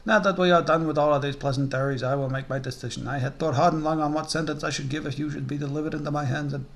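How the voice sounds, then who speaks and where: Smug Italian American fantasy commander, slow dry menace, gravelly, as a man plays him. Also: fairly high pitch, steady tone. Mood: menacing. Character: cold, smug middle-aged male commander and judge.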